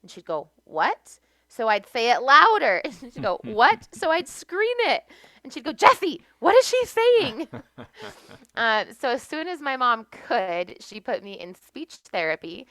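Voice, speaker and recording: An American woman telling stories about her childhood as a podcast guest, animated and laughing often. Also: on the high side, normal speed, no echo. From United States. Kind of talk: casual storytelling.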